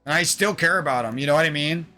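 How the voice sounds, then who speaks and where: A man's voice: fairly high pitch, fast talker, bright, forceful tone, faint music behind. A young man streaming, venting in a rambling, aggrieved monologue full of swearing.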